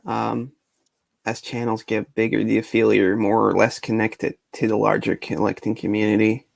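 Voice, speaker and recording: Man reading a stream question aloud; low-key and gravelly, dry close sound. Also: little pitch movement, moderate pace, a little mellow, no echo.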